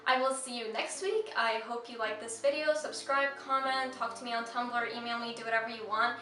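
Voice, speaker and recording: Bright, chatty young woman vlogger. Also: a little high, steady tone, fairly quick, reverberant, far from the mic, low-quality recording. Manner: chatty and reassuring, sing-song when reciting verse. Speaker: vlog host. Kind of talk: casual educational vlog.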